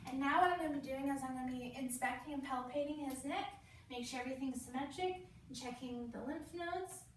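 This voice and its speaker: A young woman student nurse walks through a child's exam step by step, switching to a playful sing-song voice for the patient. Her voice sits high, and she is recorded from across a strongly echoing practice room with faint background hum. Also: a little fast. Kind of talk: demonstrating a clinical assessment. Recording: very echoey room, voice from a distance.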